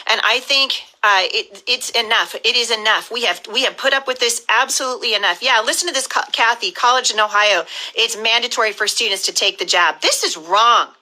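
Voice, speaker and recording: A woman's voice: fairly high pitch, sharp tone, rough recording. A middle-aged woman from the US Pacific Northwest, giving a fiery, indignant live-stream address as a political candidate.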